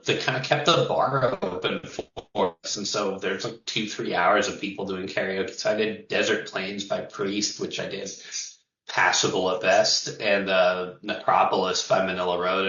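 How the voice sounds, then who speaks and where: A man who fronts a metal band talks over a video call in a loose, rambling way. He swears easily and laughs between thoughts. His voice sits a little low but sounds bright, and it reaches the mic from a distance in a roomy, dull-sounding space. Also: normal speed. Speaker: singer of a touring metal band, interview guest. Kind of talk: casual interview chat.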